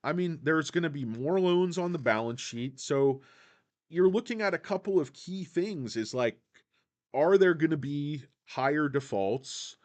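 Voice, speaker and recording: A man's voice: on the high side, animated, measured pace, darkish tone. A man hosting a casual stock market video, rambling with many fillers and talking straight to his viewers. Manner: rambling, full of fillers, keeps addressing "guys". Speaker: stock channel host.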